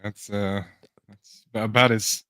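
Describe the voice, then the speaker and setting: A man's voice: on the low side, steady tone, slow, sharp tone, no echo. A man co-hosting a casual podcast who teases his partner, laughs a lot and reacts with disbelief. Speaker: podcast co-host. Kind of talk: casual chat.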